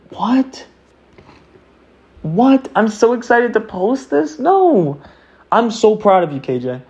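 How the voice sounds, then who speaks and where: A man's voice: fairly high pitch, a little mellow. Earnest, rambling young man, lo-fi. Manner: earnest, rambling, with many fillers. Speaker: vlogger. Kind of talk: casual self-talk monologue. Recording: dull lo-fi sound.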